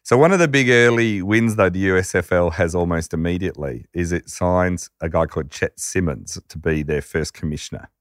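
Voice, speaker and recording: A podcast host telling a story conversationally, animated and acting out quotes. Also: male voice, deep voice, a little fast, hardly any pauses, clean tone, dry recording, clean studio sound. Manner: animated narrator who acts out quotes.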